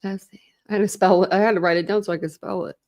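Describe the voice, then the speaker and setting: A woman's voice: mid-range voice, fairly even intonation, quick pace, a little mellow, no echo. Give me a chatty woman reading a book aloud on stream, tripping over words, in a dry room. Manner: reads aloud, stops to chat, laughs and stumbles over words. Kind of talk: casual live book read-through with commentary. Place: home room during a thunderstorm.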